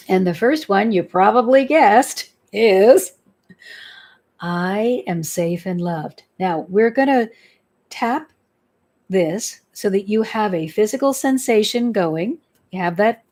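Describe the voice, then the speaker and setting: A woman's voice: mid-range voice, darkish tone. A woman leading a guided tapping meditation. She speaks in a soothing, instructive way and repeats affirmations for the listener to say back. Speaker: spiritual healer leading a guided exercise.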